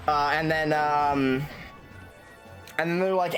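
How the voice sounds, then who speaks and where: A man's voice: on the high side, steady tone, unhurried, faint music behind. A man streaming a game, chatting casually and rambling with lots of fillers, restarts and swearing.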